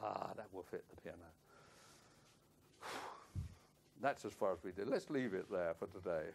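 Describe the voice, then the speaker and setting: A man coaching a flute student in a masterclass, singing phrases in nonsense syllables to show how they go and giving brisk, playful instructions. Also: deep voice, expressive, gravelly, darkish tone, slight background noise. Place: music school teaching room or hall. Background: flute and piano playing.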